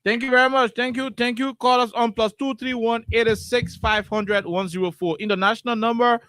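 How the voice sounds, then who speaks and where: A man hosting a call-in radio show, briskly repeating his words as he moves between callers. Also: extremely high pitch, steady tone, pushed and bright, clear, resonant tone, no room sound.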